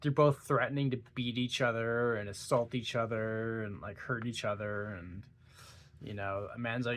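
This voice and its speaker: A man's voice: medium pitch, fairly even intonation, moderate pace, a bit bright. A tired, yawning young man talking casually about a book, rambling with stumbles and giggles. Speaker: book reviewer. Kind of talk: casual book talk vlog.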